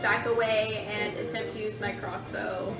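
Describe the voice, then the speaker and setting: A woman's voice: mid-range voice, level tone, normal speed. A woman playing a tabletop game, speaking tentatively and hesitantly. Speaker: player. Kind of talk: casual tabletop game chat. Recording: echoey room, distant from mic. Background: loud background music.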